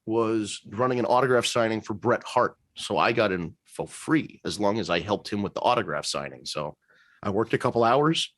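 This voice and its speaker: A man hosting a casual comedy podcast, telling stories in an animated way. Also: on the low side, normal speed, no echo. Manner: animated storyteller.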